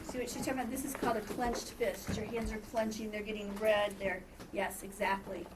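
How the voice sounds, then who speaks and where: A woman's voice: medium pitch, level tone, brisk. A woman teaching a first grade class, patiently asking questions and repeating students' answers back. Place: elementary classroom. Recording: distant mic in a noisy classroom.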